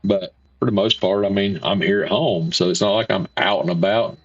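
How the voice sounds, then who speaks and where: A man's voice: low-pitched, moderate pace. A man, hosting a casual livestream, rambling folksy chat while reading viewer comments. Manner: rambling, folksy, repeats himself. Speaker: livestream host. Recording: dull lo-fi stream audio.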